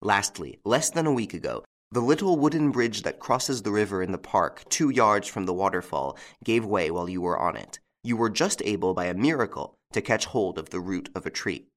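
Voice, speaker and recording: A man reading an audiobook, voicing a calm, authoritative gentleman thief who speaks distinctly and reassuringly, in a lowish voice. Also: moderate pace, few pauses, close to an everyday voice. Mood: grave.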